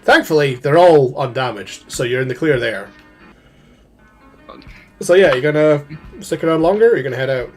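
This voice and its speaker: A young man with a fairly high voice runs a tabletop game as game master. He narrates in a lively, chatty way, with faint music behind him. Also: moderate pace, long pauses.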